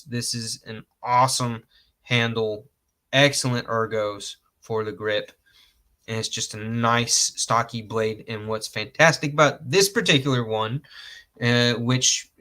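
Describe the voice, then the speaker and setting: Guy rambling thru a gear review, slow talker, restarts a lot, laughs at his own jokes. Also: mid-range voice, pushed and bright. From Georgia, US. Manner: rambling, self-correcting, laughs at own jokes, mild cursing. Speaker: host reviewing outdoor knives.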